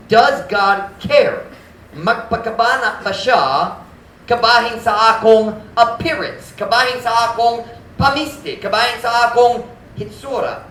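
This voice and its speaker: A man's voice: sits high, a little hiss or hum. A man preaching a sermon as pastor, switching between languages, stopping to check words with the congregation and building to emphatic questions. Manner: mixes English and Cebuano, often pauses to ask about words; rises to forceful emphatic questions. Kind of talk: bilingual sermon. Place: church. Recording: echoey church hall.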